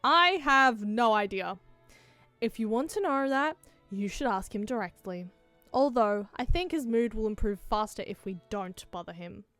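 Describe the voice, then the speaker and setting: A woman's voice: a little high, lively intonation, normal speed, fairly bright tone, dry recording, soft background music. Woman doing a stern man with an Aussie accent. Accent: Australian.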